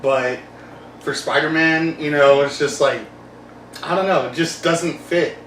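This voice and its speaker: A man hosting a casual podcast chat, rambling and animated, laughing often and acting out quotes. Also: fairly high pitch, unhurried, a little hiss or hum. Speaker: podcast host. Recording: roomy, distant mic with faint ambience.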